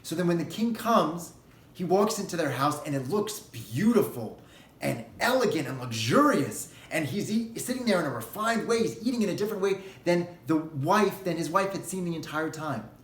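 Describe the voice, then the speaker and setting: Animated high-voiced rabbi telling a parable. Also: male voice, moderate pace, roomy sound. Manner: animated storyteller. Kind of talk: sermon with storytelling.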